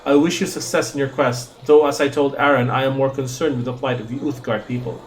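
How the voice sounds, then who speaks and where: A man reading a gentle, wise old male druid from a game, calm and solemn. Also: medium pitch, fairly quick, slight background noise, natural voice. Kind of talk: reading game dialogue aloud.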